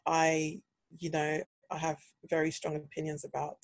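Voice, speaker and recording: On a podcast, a young British woman from the United Kingdom chats casually and tells a story animatedly, acting out the voices she quotes. Her voice is deep and monotone, at a moderate pace, with no echo.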